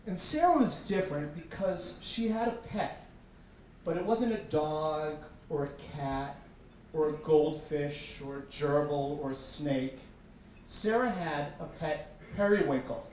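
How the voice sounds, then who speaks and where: A man's voice: a little high, a little slow, darkish tone. A man telling a humorous, self-deprecating story live to an audience in a tavern. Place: tavern stage. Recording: echoey room from far off, faint background noise.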